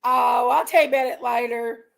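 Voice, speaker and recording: Speaking at normal speed, this high-pitched female streamer has a gravelly, fry-laden edge. She delivers a heated, casual rant to her viewers on an online commentary stream, clearly fired up and repeatedly reminding herself to calm down.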